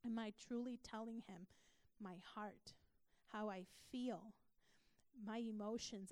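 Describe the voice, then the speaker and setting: A woman's voice: mid-range voice, fairly even intonation, slow pace, darkish tone, no room sound. A woman pastor teaching a church class, earnest and emphatic, asking her listeners questions.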